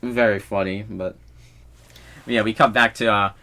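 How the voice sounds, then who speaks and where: A young man hosting a podcast, chatting casually about a movie he saw, excitable and quick to laugh. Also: lowish voice. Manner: excitable, laughs often, acts out movie lines. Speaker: podcast host. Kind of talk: casual movie review chat.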